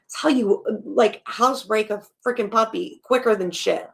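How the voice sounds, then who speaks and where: A woman hosting a live stream, reacting to a podcast in blunt, animated casual talk and swearing freely. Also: fairly high pitch, moderate pace, creaky.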